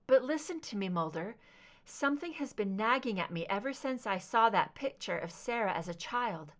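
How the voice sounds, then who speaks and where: A woman voicing a calm, firm female FBI agent in an audiobook, speaking steadily and low. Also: normal speed, lightly acted. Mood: steady.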